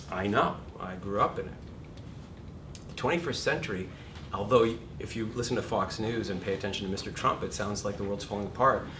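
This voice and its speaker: A middle-aged man teaching an acting class in a lively, profane manner, acting out shouted examples. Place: classroom or studio. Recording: distant room recording with background rumble.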